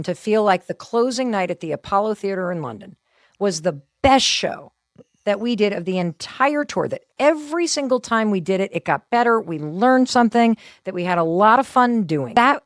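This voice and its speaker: A woman in her fifties, telling stories in a casual chat in an animated, self-deprecating way and acting out what people said. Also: a little high, no room sound, studio quality. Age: 50s. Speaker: guest.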